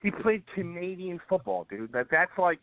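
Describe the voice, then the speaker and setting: A man's voice: high-pitched, very animated, normal speed, no echo. Chatty man on a tinny phone line. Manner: rambling, many fillers and restarts. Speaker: radio show guest. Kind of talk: casual sports chat.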